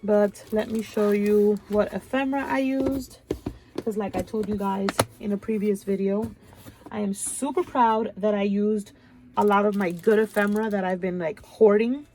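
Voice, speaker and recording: A woman's voice: medium pitch, steady tone, moderate pace, mellow. A woman hosting a craft channel, chatting casually and gushing over her work with a stuffy nose. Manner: gushing, chatty, keeps saying "you guys". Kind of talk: casual show-and-tell chat.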